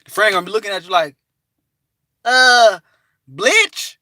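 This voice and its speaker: A man giving an animated, preachy motivational talk from his parked car, breaking into bits of song and laughter. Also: high-pitched, racing, dry recording. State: hot and restless. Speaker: vlogger.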